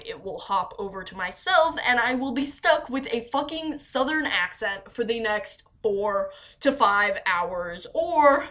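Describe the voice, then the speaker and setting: A woman's voice: fairly high pitch, sharp tone. A woman from Florida talking casually through a questionnaire, chatty and self-deprecating, laughing often and swearing now and then. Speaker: vlogger answering a voice meme questionnaire. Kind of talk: casual rambling monologue.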